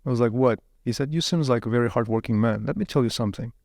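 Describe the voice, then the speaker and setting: A man speaks in a casual interview, his voice gravelly and mid-pitched. He talks animatedly and often repeats a word before pushing on. The sound is dry and close. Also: fast, no room sound. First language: Uyghur. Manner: animated, repeats words while searching for them. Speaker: interview guest.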